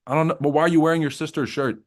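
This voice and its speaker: A man hosting a live trading stream from his desk mic talks in a slightly high voice. He rambles and swears freely, mocks people and laughs at his own jokes. Then he turns to market commentary in the same loose, profane way. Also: steady tone, racing. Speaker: trading livestream host.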